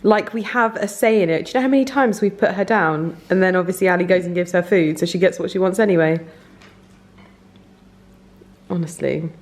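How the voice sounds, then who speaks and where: A woman's voice: fairly low pitch, quick pace, darkish tone. A woman, chatting casually at home in a gushing, rambling way as a lifestyle vlogger. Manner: gushing, rambling, searches for words. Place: home, indoors.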